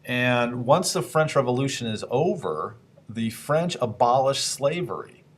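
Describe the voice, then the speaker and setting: A man of middle pitch lectures on history the way a teacher talks to a class. He keeps it loose and conversational, throws questions at his listeners and slips into quick, playful voices for historical figures before picking the thread back up. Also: lively intonation.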